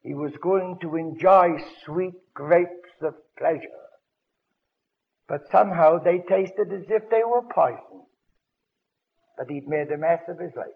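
Older male evangelist, high gravelly voice, dramatic storyteller; dull old broadcast sound. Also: unhurried. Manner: dramatic storytelling with sudden loud bursts. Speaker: evangelist preacher. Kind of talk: radio broadcast sermon.

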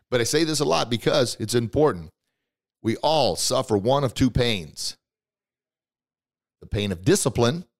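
A man hosting a podcast, giving a motivational talk with emphatic storytelling and acted-out quotes, swinging between loud bursts and quiet asides. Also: fairly low pitch. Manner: storytelling, emphatic and preachy, acts out quoted characters. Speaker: podcast host and motivational speaker.

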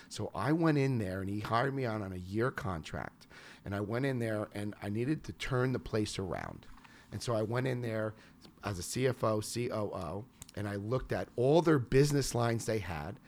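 A man from New York, an investor and business consultant, telling animated anecdotes in an interview. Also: on the low side, normal speed, a little hiss or hum. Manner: animated anecdotes with quoted voices. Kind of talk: storytelling interview answers.

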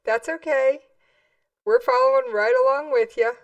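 A woman's voice: high voice, animated, moderate pace, dry recording, distant mic, lo-fi sound. A woman host gives short, encouraging replies in a casual chat. She sits a little back from the mic, and the sound is dry.

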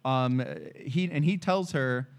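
A man's voice: fairly high pitch, slow. A man co-hosting a casual chat about a TV episode, retelling scenes in careful detail with frequent fillers. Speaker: podcast co-host.

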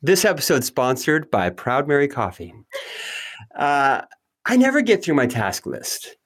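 A man hosting an interview podcast, chatting casually with quick self-deprecating asides. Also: mid-range voice, big pitch swings, fairly bright tone. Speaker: podcast host.

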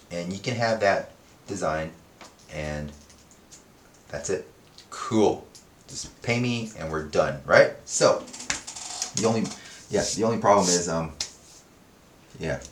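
A man hosting a podcast in a casual, rambling monologue, swearing freely and correcting himself as he goes. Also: fairly low pitch. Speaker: podcast host. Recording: echoey room.

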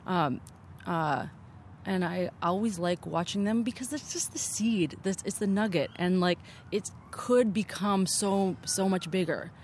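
A woman's voice: fairly low pitch, unhurried, darkish tone, slight background noise. A woman choreographer chatting in an interview outdoors, upbeat and full of "like" fillers. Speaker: choreographer and assistant director. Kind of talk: casual interview chat. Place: open-air theatre venue, outdoors.

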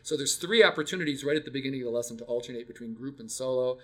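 Talking very fast in a medium-pitched voice, this older music educator reflects casually on teaching children to sing. He tells stories and often restarts his sentences.

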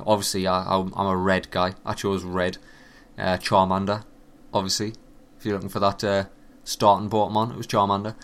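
A man giving a casual, animated and profane running commentary on video games. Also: lowish voice. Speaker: gaming commentator.

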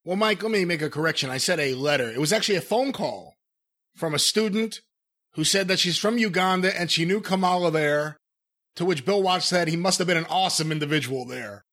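High, bright-voiced podcast co-host, man. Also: fairly quick. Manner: joking, incredulous, laughs often. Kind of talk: casual chat reviewing old wrestling.

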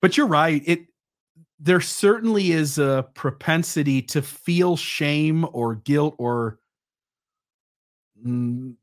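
A man's voice: a little high, slow, pauses often. A man in his forties, a podcast guest who explains his ideas thoughtfully and with some fillers. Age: 40s. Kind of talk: conversational interview.

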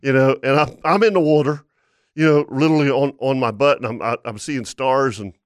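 A man's voice: mid-range voice, a little fast, smooth, no echo, studio quality. A man hosting a fishing show, telling a rambling story with many restarts in casual chat. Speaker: fishing show host, captain.

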